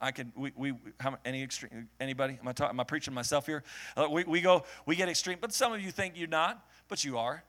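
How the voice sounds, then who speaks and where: A man preaching a sermon to a congregation, joking with the crowd and swinging from low murmurs to shouted peaks. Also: quick pace. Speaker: pastor. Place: church hall before a congregation.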